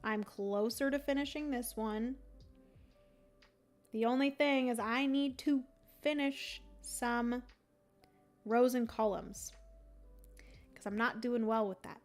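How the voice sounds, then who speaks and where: A woman's voice: on the high side, takes it slowly, long pauses, faint music behind. A young woman hosting a livestream, thinking aloud as she plays a board game and chatting casually with her viewers. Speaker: livestream host playing a solo board game.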